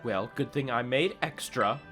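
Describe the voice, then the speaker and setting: A man voicing a gruff, quiet teenage boy from a video game, reading the lines low and subdued over faint game music. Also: a little slow.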